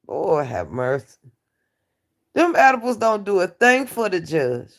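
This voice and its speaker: Lady live streaming to her chat, joking around loud, laughs a bunch, then goes all low and hushed. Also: sing-song, a little slow. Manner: brassy and joking, laughs often, swings between loud outbursts and low asides. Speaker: livestream host. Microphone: phone or computer mic on a livestream.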